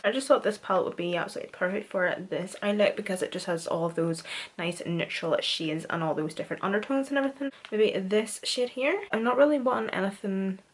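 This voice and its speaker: A woman's voice: mid-range voice, a little hiss or hum. A young woman with a Northern Irish accent chats her way through a makeup tutorial. She talks in a casual, self-deprecating manner, like she's catching up with a friend. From Northern Ireland. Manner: chatty, self-deprecating, says "wee" a lot. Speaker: beauty vlogger.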